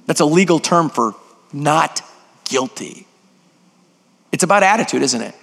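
A man's voice: on the high side, expressive, measured pace, vocal fry, fairly bright tone. A man preaching a sermon as a guest preacher, emphatic and putting questions to the congregation, in a church sanctuary. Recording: long hall reverb.

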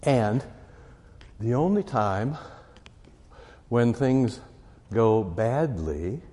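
A man's voice: mid-range voice, lively intonation, slow pace, pauses often, dark tone, long reverb tail. A man teaching a catechism class as pastor, talking conversationally and often checking in with his listeners. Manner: conversational, often asks "right?".

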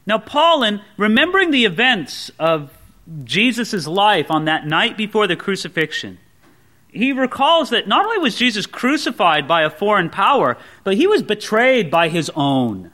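Pastor, male, bright high voice with a lot of pitch movement, easygoing joking sermon delivery. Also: big pitch swings, moderate pace. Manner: casual, joking preaching. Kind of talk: expository sermon.

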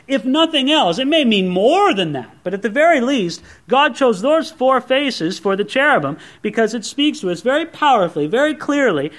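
Male pastor, high voice, earnest teaching sermon delivery. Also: a bit bright. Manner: earnest teaching, repeats words for emphasis. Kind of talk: expository sermon.

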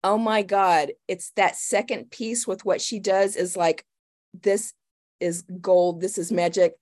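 A woman podcast host who introduces her guest in a gushing, excitable, rambling way. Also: medium pitch, slow. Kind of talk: casual interview hosting.

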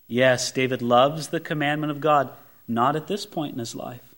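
Man preaching a sermon, high voice, animated, emphatic, rhetorical questions, loud peaks and quiet drops. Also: normal speed. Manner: speaks directly to the congregation with rhetorical questions. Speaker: pastor. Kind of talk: expository sermon.

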